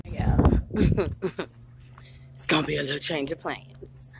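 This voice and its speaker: A woman, chatting excitedly to her viewers while driving, a little out of breath and laughing often. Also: low voice, slow pace, creaky, very noisy. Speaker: vlogger and mom. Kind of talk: casual vlog talk to viewers. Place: inside a car while driving. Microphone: handheld phone camera.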